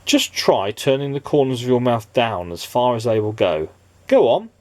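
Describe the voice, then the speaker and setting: A man voicing an eccentric male storybook wizard who talks in a loud, excited, exclaiming way. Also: medium pitch, normal speed, no room sound, natural voice.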